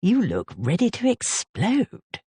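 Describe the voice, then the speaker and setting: A woman voicing a polite, tactful middle-aged gentleman. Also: medium pitch, huge pitch swings, slow pace, breathy edge, no room sound, exaggerated voice.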